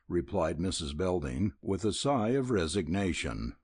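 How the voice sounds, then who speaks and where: A man narrating a classic Western audiobook in a measured, expressive manner. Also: deep voice, husky, dry recording, studio quality.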